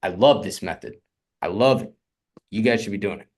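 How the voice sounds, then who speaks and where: A young man coaching on real estate funding in a casual, energetic teaching talk, often asking "right?". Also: lowish voice, normal speed, slightly rough.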